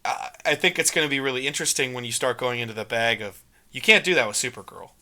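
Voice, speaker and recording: A young man with a bright, forward voice co-hosts a casual movie podcast. He talks in long, emphatic runs, animated and quick to press his points. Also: mid-range voice. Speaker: podcast co-host.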